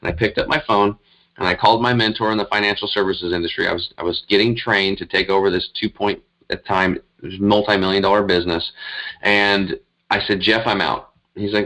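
Sounding low, fairly even, fairly quick, and pushed and bright, a middle-aged health coach rambles sincerely through his story for a casual interview. Fillers and restarts abound, and the recording quality is low.

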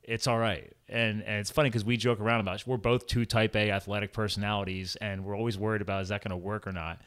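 A man's voice: fairly low pitch, flat delivery, fast talker, a bit bright, clear, resonant tone. A young man talking candidly as a podcast guest, rambling and often saying "man". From farm upbringing, rural. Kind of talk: casual conversation.

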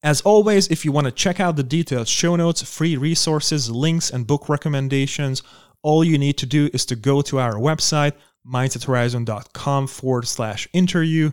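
A man's voice: fairly high pitch, normal speed, smooth, no echo, clean studio sound. A man hosting a podcast, introducing the episode and interviewing his guest with enthusiasm. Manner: enthusiastic, promotional. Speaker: podcast host.

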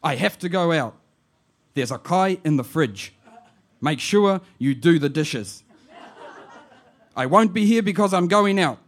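A man voicing a boisterous elderly aunt, loud and teasing, in a comic spoken-word poem. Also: a little high, expressive, unhurried, long pauses, pitched above the performer's own voice. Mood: chatty. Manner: loud, laughing, mixes in Māori words.

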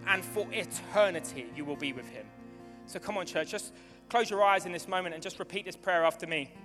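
A man preaching a sermon to his church, excitable and building to fervent shouting, with a live demonstration. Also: high-pitched, fairly quick. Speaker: pastor. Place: church hall. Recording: long hall reverb with music behind.

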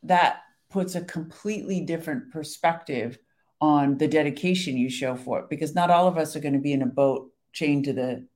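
A woman's voice: low voice, moderate pace, a little mellow. A woman in casual conversation about faith and marriage, earnest and encouraging, thinking aloud as she goes.

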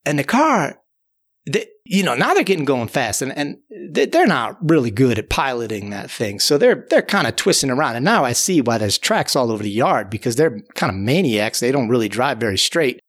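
A man's voice: mid-range voice, big pitch swings, normal speed, a bit bright. A man telling a tall tale in a loose, rambling way, often restarting and adding "you know". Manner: rambling, repeats words and fills with "you know". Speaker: storyteller. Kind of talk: casual spoken tall tale.

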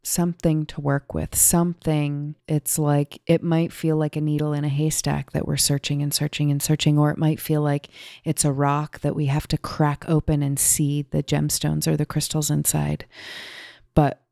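Woman host, deep and even, thoughtful interviewer. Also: normal speed, gravelly, no echo, clean studio sound. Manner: thoughtful, searching for words. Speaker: podcast host. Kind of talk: reflective interview talk.

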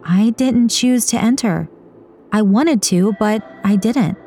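A woman's voice: medium pitch, slow, dark tone, voice pushed up. A woman reading an audiobook, voicing a young woman runner who is an earnest, anxious daughter, in a pleading, emotional way. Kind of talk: audiobook character voice.

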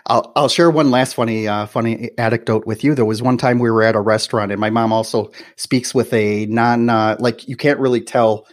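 A man's voice: medium pitch, steady tone, brisk, hardly any pauses. A man with a Midwestern American accent hosting a podcast interview, telling stories in a chatty way full of "you know" and "right". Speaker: podcast host. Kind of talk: casual interview chat.

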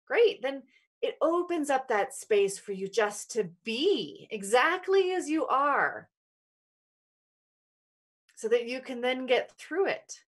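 A young adult woman talks through a spiritual teaching in a relaxed, conversational way. She is earnest and speaks straight to her listeners, as if chatting with her students. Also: high voice, takes it slowly. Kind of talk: casual teaching monologue.

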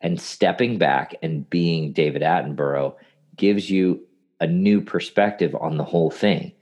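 A man in casual podcast conversation who tells animated anecdotes and gives advice to clients. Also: extremely low pitch.

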